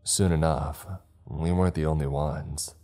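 Very deep, slow horror narrator man. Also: fairly even intonation, vocal fry, mellow, soft background music. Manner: slow, ominous storytelling. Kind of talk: scripted narration.

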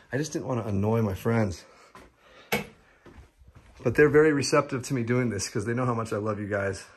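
Excitable man giving a house tour. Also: fairly low pitch, slight background noise. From United States. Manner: chatty, excitable, addresses viewers as guys. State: breathing heavily. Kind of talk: casual walk-through vlog. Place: large rental house indoors.

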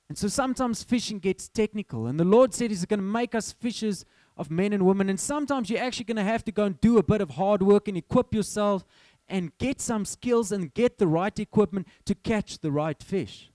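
A man preaching a sermon, telling a story in lively fashion and acting out his own lines of dialogue. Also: on the high side, no room sound.

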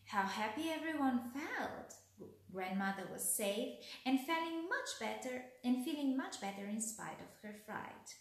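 A woman reading a bedtime story aloud as storyteller, gently. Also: sits high, lively intonation, measured pace. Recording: very echoey room.

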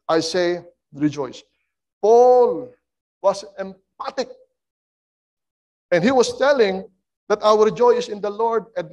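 A man preaching a sermon as a guest speaker, swinging between loud and soft and getting the congregation to join in. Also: high voice, muffled recording.

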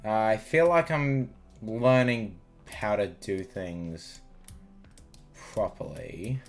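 A man's voice: lowish voice, slow pace, faint music behind. A man streaming a video game, sweary and salty, muttering to himself as he plays. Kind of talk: casual let's play banter.

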